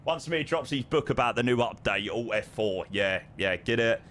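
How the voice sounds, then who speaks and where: A man's voice: medium pitch, animated, normal speed, fairly bright tone, slight background noise. Chatty British man streaming a flight sim. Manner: chatty, reads viewer messages aloud, calls out aviation numbers. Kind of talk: casual live-stream chat over flight sim.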